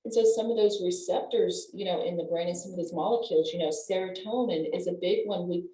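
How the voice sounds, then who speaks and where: An older woman with a low, mellow voice talks animatedly about how the body works. She laughs as she explains. She sounds set back from the mic in a roomy space. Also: quick pace. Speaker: guest, wellness professional. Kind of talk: conversational explaining.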